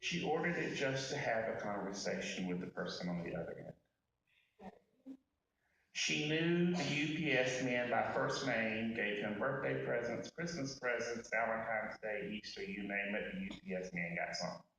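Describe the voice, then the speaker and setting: Guy giving a eulogy, kinda low voice, folksy and candid, talks right to the crowd, big echoey room and he's far from the mic. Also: normal speed, a bit bright, slight background noise. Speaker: eulogy speaker. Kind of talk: personal eulogy with humorous stories.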